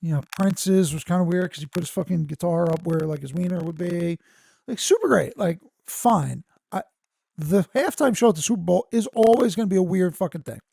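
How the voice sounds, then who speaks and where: A man hosting a podcast, reading news articles aloud and breaking into profane, excitable asides. His voice turns squeaky when he gets worked up. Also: a little fast, vocal fry. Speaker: podcast host.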